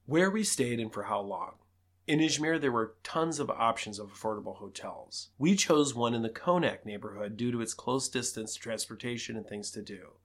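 A man's voice: mid-range voice, animated, moderate pace. Matter-of-fact man recapping a trip. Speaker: podcast co-host. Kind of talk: casual travel recap.

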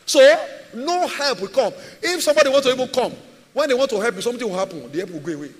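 High-voiced man preaching in a hall. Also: animated, fast. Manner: emphatic, repetitive preaching with rhetorical questions. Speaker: pastor. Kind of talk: sermon. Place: church.

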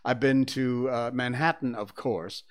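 A man's voice: mid-range voice, a little slow. Older man rambling as a talk host. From Connecticut. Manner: conversational, digressive, with many fillers. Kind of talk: rambling opinionated monologue. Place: studio.

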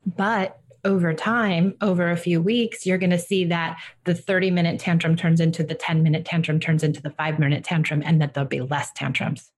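A woman giving a parent calm, direct advice on handling a child's tantrums. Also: lowish voice, brisk. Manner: direct, reassuring, acts out what to say to children. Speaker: parenting coach. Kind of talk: advice session.

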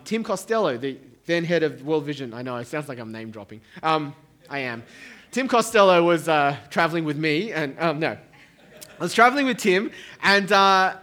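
A man's voice: on the high side, pushed and bright. A middle-aged man preaching a sermon to a church congregation, with a conversational tone and joking asides. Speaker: pastor. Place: church hall.

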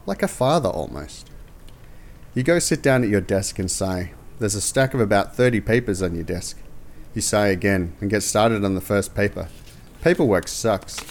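Deadpan male storyteller, faint music. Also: lowish voice. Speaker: narrator. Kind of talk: second-person comedic story narration.

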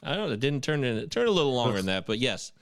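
Animated, cursing podcast host, man. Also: mid-range voice, racing, background noise. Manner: animated, profane banter. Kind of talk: casual chat.

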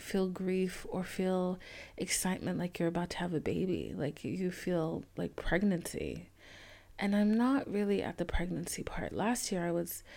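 Candid young woman with a gravelly low voice. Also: darkish tone. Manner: candid, rambling storytelling with frequent "like" and swearing. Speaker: podcast host. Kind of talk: casual solo podcast monologue.

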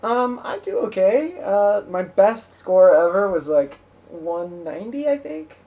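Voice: mid-range voice, big pitch swings, measured pace, dark tone, recorded from a distance. A podcast host in a casual comedy chat, giggling often and trailing off mid-thought.

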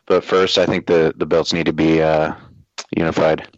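A man on a sports podcast panel, giving plain, measured opinions. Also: extremely low pitch, little pitch movement, lo-fi sound. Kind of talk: casual sports talk.

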